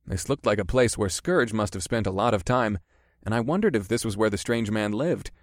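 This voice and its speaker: A man narrating a first-person fantasy audiobook in a steady, measured way. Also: lowish voice, no echo, studio quality.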